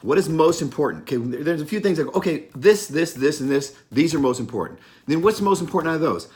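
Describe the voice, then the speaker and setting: A man's voice: fairly high pitch, animated, quick pace, a little mellow. Blunt, profane motivational man. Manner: blunt, profane, emphatic, laughs at himself. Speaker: motivational speaker. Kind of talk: unscripted motivational monologue.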